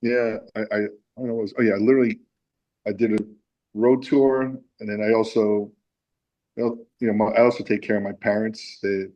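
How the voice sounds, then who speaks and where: Low-voiced man telling a story. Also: brisk, highs cut off. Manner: animated storyteller, acts out quotes with lots of fillers. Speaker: musician guest. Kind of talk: casual storytelling interview.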